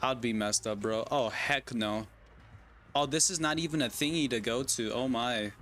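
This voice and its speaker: A man's voice: medium pitch, moderate pace, a bit bright. A young man streaming a game, rambling and joking to himself and to his opponent. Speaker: gaming streamer. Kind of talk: casual livestream commentary.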